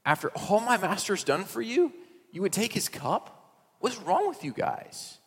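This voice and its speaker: A man's voice: high voice, very animated, measured pace, breathy edge, voice pushed up, full character voice. An indignant servant scolding and accusing, as a preacher puts him on, his voice lifted well above the preacher's own. It sounds in a hall with a long reverb. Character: indignant male servant of an official.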